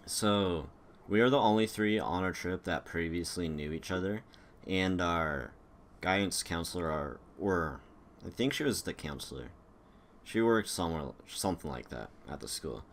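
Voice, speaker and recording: A man's voice: low-pitched, slight background noise. A young man hosting a casual chat, telling stories in a rambling way with lots of fillers and restarts. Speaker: podcast host.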